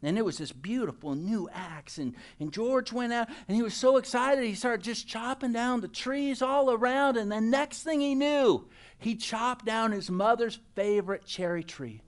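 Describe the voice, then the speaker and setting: A man voicing a stern, suspicious father who questions his son slowly in a lower voice. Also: animated. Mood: lecturing.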